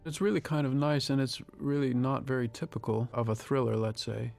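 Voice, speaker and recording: A man, a film director, giving a reflective audio commentary, thinking aloud with pauses and restarts. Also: mid-range voice, fairly even intonation, vocal fry, darkish tone, faint music behind.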